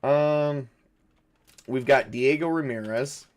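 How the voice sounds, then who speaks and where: Guy running a solo tabletop game, talks to himself, rambles and corrects himself, mid pitch. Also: slow. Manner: rambling, self-correcting, chuckles at own jokes. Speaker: game master.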